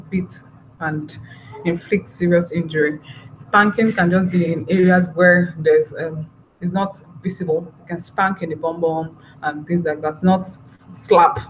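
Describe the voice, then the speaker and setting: A woman giving a parenting workshop, talking earnestly and repeating her phrases. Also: fairly low pitch. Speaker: parenting trainer. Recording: dull, slightly noisy recording.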